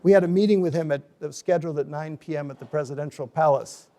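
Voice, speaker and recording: Brief: middle-aged male author, slightly high gravelly voice, animated storytelling. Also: quick pace. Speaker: author giving a book talk. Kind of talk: storytelling lecture.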